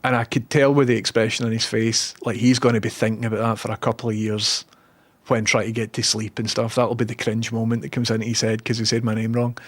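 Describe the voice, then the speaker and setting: A man with a Scottish accent streaming online, chatting casually, reading viewer comments and telling animated anecdotes. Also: lowish voice, fast talker. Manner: animated storyteller acting out others' lines. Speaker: Twitch streamer.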